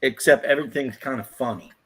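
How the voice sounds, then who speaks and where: A man's voice: mid-range voice, quick pace, a crowd in the background. A man in casual chat, rambling and telling crude jokes, laughing at his own stories.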